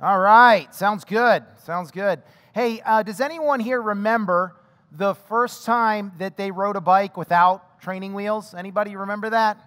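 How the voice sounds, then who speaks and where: A male pastor giving an animated, chatty sermon, telling a personal story and asking the congregation questions. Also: sits high, normal speed. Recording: long hall reverb.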